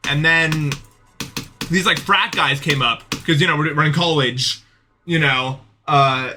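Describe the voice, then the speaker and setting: A man's voice: a little high, a little slow, pushed and bright, slight background noise. A young man streaming, telling a long dream in casual chat, rambling with many fillers and restarts. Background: background music.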